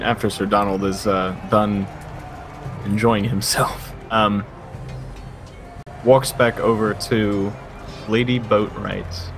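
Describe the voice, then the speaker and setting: A man playing a tabletop game, describing his knight's actions haltingly with fillers. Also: fairly low pitch. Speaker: player.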